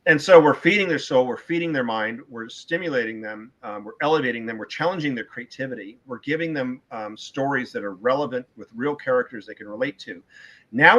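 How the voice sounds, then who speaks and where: Middle-aged man, bright and forceful, emphatic opinionated podcast guest who hammers points by repeating words. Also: medium pitch, a little fast, dull audio. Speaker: author being interviewed. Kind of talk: casual podcast interview talk.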